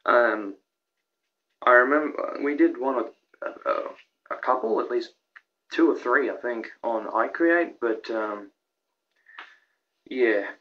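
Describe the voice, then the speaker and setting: A young man rambling excitedly through a countdown of his own videos, with lots of restarts and fillers. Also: mid-range voice, slow pace, creaky, long pauses, lo-fi sound. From Australia. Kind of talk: casual vlog commentary.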